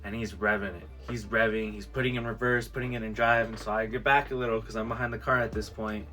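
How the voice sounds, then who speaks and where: Male vlogger, lively storyteller who voices the quotes, slightly low and bright tone. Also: quick pace, soft background music. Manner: animated storyteller who acts out quoted lines. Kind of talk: storytime vlog.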